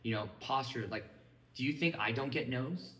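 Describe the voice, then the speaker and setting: Energetic male trainer in an echoey room. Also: mid-range voice, moderate pace. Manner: energetic, keeps checking in with listeners. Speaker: business mindset trainer. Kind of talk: motivational training talk to a live group. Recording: echoey room, mic at a distance.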